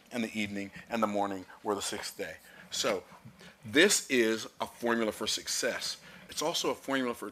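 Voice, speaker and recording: A man's voice: lowish voice, fairly bright tone, slight background noise. A man preaching a sermon, reading scripture aloud and explaining it with emphatic, rising declarations.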